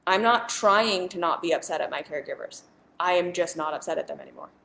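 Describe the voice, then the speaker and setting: A woman's voice: on the low side, fast talker, gravelly, a bit bright, reverberant, slight background noise. A woman and spiritual teacher talking straight to viewers in a casual monologue, earnest and emphatic, often repeating herself.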